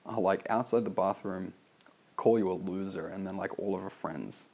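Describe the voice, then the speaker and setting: Gravelly, low-voiced Australian man. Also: moderate pace, a little mellow. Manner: loose and casual, heavy on "like", swears freely. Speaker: copywriter reviewing a sales letter. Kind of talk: reading aloud and critiquing his own copy.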